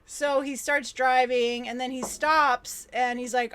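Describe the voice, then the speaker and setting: A woman's voice: high-pitched, steady tone, measured pace, a bit bright, clean tone. Chatty woman retelling a film. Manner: retells film scenes with laughs, mimicking characters. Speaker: podcast co-host. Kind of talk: casual movie chat.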